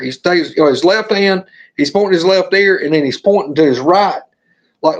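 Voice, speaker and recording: A man's voice: fairly high pitch, moderate pace, muffled recording. A middle-aged man from Alabama with a Southern accent, telling a story as a podcast guest and acting out the scenes. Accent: Southern American. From Alabama, USA. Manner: animated, acts out the scenes.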